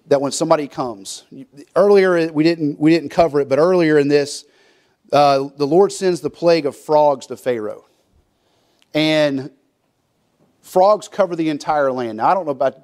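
A man's voice: on the high side, a little mellow. A man preaching a folksy sermon, acting out quotes and often restarting his sentences. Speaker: pastor.

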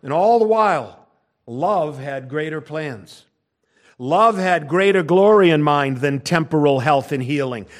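Man, middle-aged, preacher giving a sermon, fairly high voice, dramatic shifts from quiet to loud. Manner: dynamic preaching with wide swings in volume, from near-whispers to loud emphasis.

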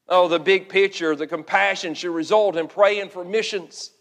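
A man preaching an earnest sermon, often repeating words and slowing down to stress key phrases. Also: high-pitched, steady tone, fairly bright tone, big-room sound. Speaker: pastor.

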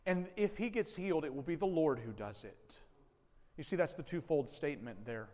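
A man with a high voice delivers a sermon as pastor. He speaks slowly and deliberately, pausing between phrases and pressing on key words. His voice rings out in a hall with a long reverb. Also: lively intonation, dark tone. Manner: slow, deliberate preaching with pauses and emphatic phrases.

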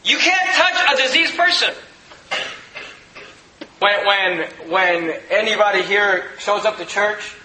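A man's voice: high-pitched, sharp tone, echoey room, low-quality recording. A man preaching a sermon in a church, emphatic, often asking the congregation rhetorical questions. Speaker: pastor.

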